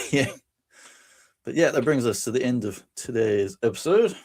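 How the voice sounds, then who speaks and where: A man's voice: medium pitch, a little slow, breathy edge. A man, co-hosting a casual podcast, retelling comedy scenes with laughs and acted-out quotes. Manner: animated storytelling, laughs often, acts out quotes. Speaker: podcast co-host. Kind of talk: casual chat.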